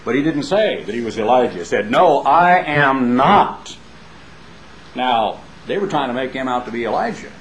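A man's voice: medium pitch, sing-song, quick pace, few pauses, poor audio. A man preaching a sermon in a folksy, emphatic way, building up with rhetorical questions and homespun asides.

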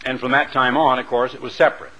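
A man preaching a radio sermon, swinging between loud emphatic lines and soft murmured asides. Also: medium pitch, little pitch movement, fast. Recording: muffled lo-fi radio broadcast.

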